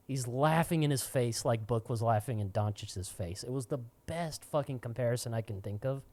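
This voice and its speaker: A man's voice: medium pitch, normal speed, hardly any pauses, a little mellow, no room sound. A young man co-hosting a podcast, telling a crude, rambling story with frequent laughs. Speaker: podcast co-host. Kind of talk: casual storytelling.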